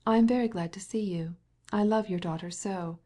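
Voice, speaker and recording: Saintly but cross invalid in a storybook, read by the narrator. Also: female voice, medium pitch, moderate pace, dark tone, close to an everyday voice. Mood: pious. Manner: pious, cross. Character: pious cross invalid older lady.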